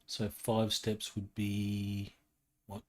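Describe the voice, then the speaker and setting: A man serves as game master for a tabletop session. His voice sits deep and stays level, with little rise or fall. He explains rules and positions in a patient, matter-of-fact way. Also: monotone, extremely slow, darkish tone.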